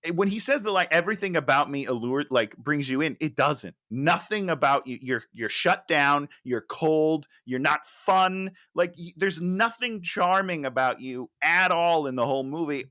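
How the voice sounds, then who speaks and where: A man's voice: fairly high pitch, lively intonation, unhurried, few pauses, bright, forceful tone. A man co-hosting a casual movie podcast, sarcastically tearing into a film's writing. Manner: sarcastic, exasperated critic. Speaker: podcast co-host. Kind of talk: casual film chat.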